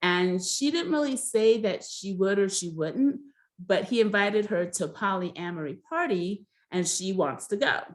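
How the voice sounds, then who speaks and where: A woman's voice: mid-range voice, unhurried. Chatty woman recapping a reality show. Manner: chatty, hesitant with many ums and restarts. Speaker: recap host. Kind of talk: casual recap chat.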